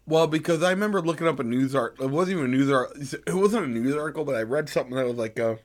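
A man's voice: mid-range voice, racing. A young man co-hosting a podcast, chatting casually, swearing often and cutting himself off. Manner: swears a lot, interrupts himself. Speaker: podcast co-host.

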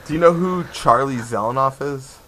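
A man's voice: mid-range voice, moderate pace, pushed and bright, poor audio. A laid-back man chats loosely on a podcast, his voice sitting in an ordinary middle register. He drifts between banter and reading reviews aloud. Faint clicks and hiss sit under his voice. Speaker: podcast co-host. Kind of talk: casual chat.

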